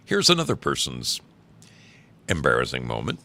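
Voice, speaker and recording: A man's voice: extremely low pitch, very animated, unhurried, gravelly, bright, forceful tone. A man hosting a show from home, reading embarrassing stories aloud with wry, amused asides. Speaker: podcast host.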